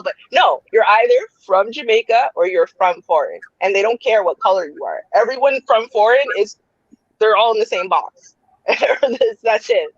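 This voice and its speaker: A woman's voice: on the high side, no room sound, lo-fi sound. A woman raised in Canada, hosting a casual chat and telling stories with frequent laughs. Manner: laughs often, relaxed storytelling. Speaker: podcast host.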